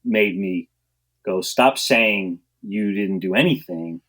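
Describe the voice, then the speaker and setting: A man, a guest on a podcast, telling stories about his coaching career in an animated way, acting out what people said and laughing often. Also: lowish voice, takes it slowly. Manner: animated storyteller, acts out quotes, laughs often. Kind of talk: storytelling in a podcast interview.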